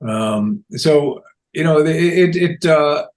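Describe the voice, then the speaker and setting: A man's voice: on the high side, expressive, slow pace. A man in his sixties, a comedian guest in an interview, telling anecdotes animatedly, acting out quotes and often laughing. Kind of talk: casual interview storytelling.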